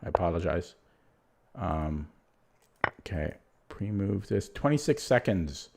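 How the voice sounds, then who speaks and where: A man's voice: low voice, big pitch swings, takes it slowly, vocal fry, darkish tone. Man muttering through an online chess game. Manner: thinks aloud, muttering moves half to himself; casual, self-deprecating, rambling asides. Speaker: chess streamer. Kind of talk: live commentary while playing online chess.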